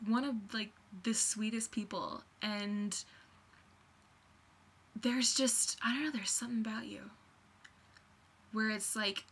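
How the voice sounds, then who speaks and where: A woman's voice: medium pitch, sharp tone. A young woman rambling in a casual vlog, gushing and scattered, full of fillers. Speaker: vlogger.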